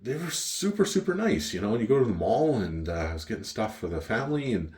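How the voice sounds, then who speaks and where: Deep-voiced Canadian man, middle-aged, rambling and salty, home wine cellar. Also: quick pace. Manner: profane, chatty, animated. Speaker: vlogger. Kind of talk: rambling storytelling.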